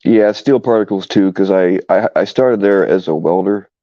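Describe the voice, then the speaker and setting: A man's voice: low voice, moderate pace, no echo. A man hosting a casual stream, rambling and hesitant with many fillers. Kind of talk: casual live stream chat. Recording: dull, lo-fi stream audio.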